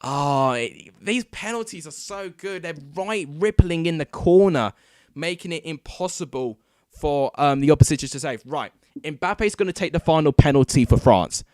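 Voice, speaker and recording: A man hosting a football watchalong, giving excitable live commentary into a desk microphone and breaking into shouts at big moments. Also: fairly high pitch, normal speed, no echo, clean studio sound. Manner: excitable, erupting into shouts at goals.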